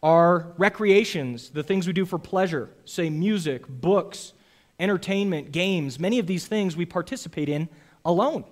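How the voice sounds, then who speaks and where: A young man with a high voice preaches a sermon. His delivery is earnest and emphatic, and he often turns to the congregation with quick asides. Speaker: pastor.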